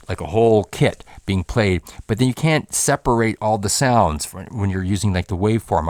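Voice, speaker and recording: A man's voice: deep voice, no echo. A man hosting a home recording tutorial in his own studio, explaining in a rambling, casual way with many fillers and restarts.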